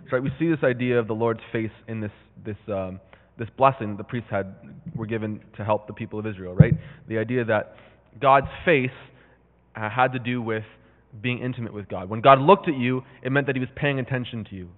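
A man's voice: mid-range voice, a little fast. A man giving a casual Bible teaching, talking conversationally with lots of fillers and restarts and reading scripture aloud with rising intensity. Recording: tinny, phone-like sound in a reverberant hall.

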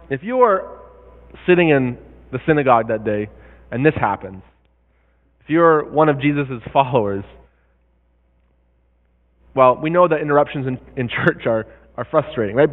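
A man preaching a sermon and explaining a Bible passage, checking in with his listeners as he goes. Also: medium pitch. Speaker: pastor. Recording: tinny phone-like sound with long hall reverb.

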